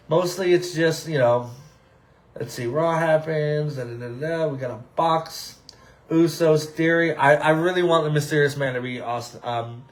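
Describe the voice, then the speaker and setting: A man's voice: on the high side, low-quality recording. A man hosting his own podcast, chatting casually and rambling with many fillers, restarts and upbeat asides. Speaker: podcast host.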